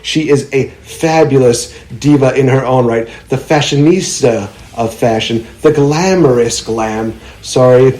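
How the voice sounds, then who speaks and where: A man's voice: mid-range voice, a little slow, few pauses, darkish tone, low-quality recording. A young man hosting a podcast, giving playful hype-style guest introductions. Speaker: podcast host.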